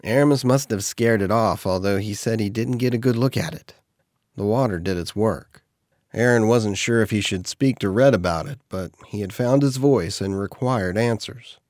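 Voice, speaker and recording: A man reading an audiobook in steady, measured scripted narration. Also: lowish voice, no echo, studio quality.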